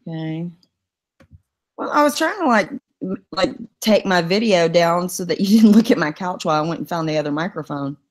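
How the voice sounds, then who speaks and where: A woman's voice: fairly low pitch, expressive, moderate pace. A woman chatting casually on a video call through her computer mic, joking about herself and laughing often. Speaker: co-host. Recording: slightly tinny sound.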